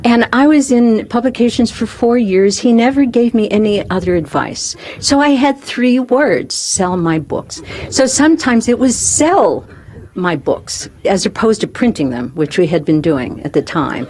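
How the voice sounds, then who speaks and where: A woman giving a spiritual talk, telling personal stories in a lively way, often laughing and acting out remembered conversations. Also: on the high side, moderate pace, few pauses.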